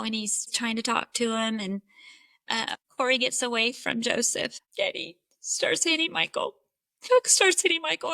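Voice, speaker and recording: A woman from Alabama giving a halting, emotional personal testimony, retelling events with many restarts. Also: high voice, gravelly, sharp tone, no room sound, poor audio. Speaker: interviewee.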